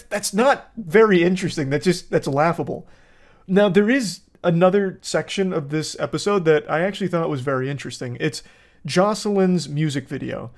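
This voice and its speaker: A man's voice: a little high, vocal fry. A young man giving casual, rambling commentary on a TV show, crude and amused. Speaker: show reviewer.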